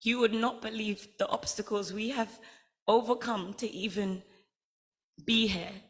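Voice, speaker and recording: A woman's voice: medium pitch, fairly even intonation, unhurried. Earnest Guyanese woman giving a heartfelt speech. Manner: earnest, heartfelt, emphatic storytelling. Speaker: honorary degree recipient giving an acceptance speech. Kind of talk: ceremony acceptance speech.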